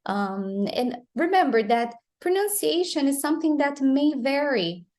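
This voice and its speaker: A woman English teacher explaining pronunciation, repeating model phrases slowly and clearly. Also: sits high, very animated, a little mellow. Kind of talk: pronunciation lesson.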